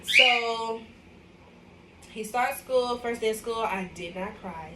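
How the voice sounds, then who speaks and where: On her livestream vlog, a young mother from Arkansas, USA, talks with viewers casually and with emotion. Her voice is a little high, bright and forceful, and she takes it slowly. A distant mic in an echoey room picks up a little hiss or hum.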